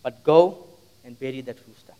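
A man's voice: medium pitch, moderate pace, smooth, highs cut off, voice pushed down, lightly acted. A man voicing a stern but forgiving older father who gives firm commands, in a sermon story.

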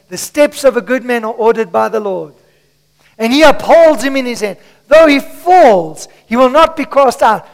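A male pastor preaching a sermon to his church, swinging between shouts and hushed asides, his voice strained from shouting. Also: very high voice, expressive, normal speed, gravelly, in a large hall. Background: congregation.

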